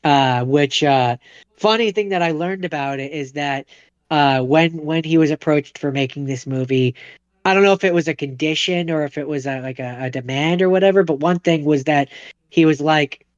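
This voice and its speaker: A young man co-hosting a podcast in casual chat, halting and full of fillers and restarts. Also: a little high, clear, resonant tone, no room sound, dull audio. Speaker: podcast co-host.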